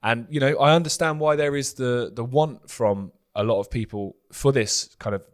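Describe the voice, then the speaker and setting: A man's voice: mid-range voice, moderate pace. A man co-hosting a news commentary show, talking earnestly in long run-on points.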